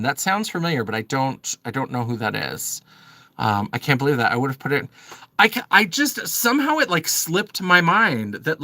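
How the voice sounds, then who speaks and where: A man's voice: mid-range voice, gravelly, pushed and bright, no echo. A man hosting a live makeup stream, chatting casually with many fillers and answering viewers' comments. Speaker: livestream host. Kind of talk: casual makeup livestream chat.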